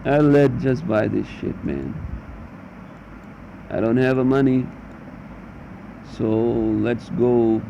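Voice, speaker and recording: A man's voice: medium pitch, slow, gravelly, long pauses. A man doing let's play commentary of a text game, reading it aloud while swearing and grumbling, in a muffled recording with a faint hum. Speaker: gamer.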